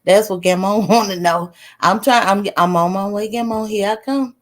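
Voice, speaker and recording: A woman livestreaming, casually telling a story to her chat. She is animated, swears freely, laughs as she talks and keeps throwing questions to her viewers. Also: medium pitch, normal speed. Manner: laughs while talking. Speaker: live streamer.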